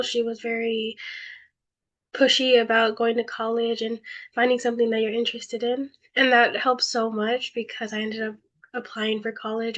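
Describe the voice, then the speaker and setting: A woman's voice: fairly high pitch, fairly bright tone, muffled recording. A young woman student on a panel, telling her story hesitantly with many fillers over a video call. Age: young adult. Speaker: community college student panelist.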